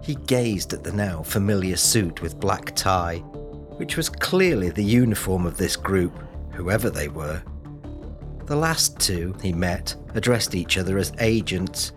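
Casting: deep male audiobook narrator, measured delivery, clear music underneath. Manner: steady, measured storytelling. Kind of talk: scripted narration.

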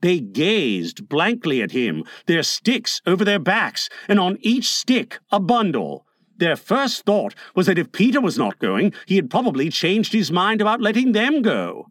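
A man narrating a storybook aloud with an expressive, lilting delivery. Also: high-pitched, unhurried, dry recording. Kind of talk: storybook reading.

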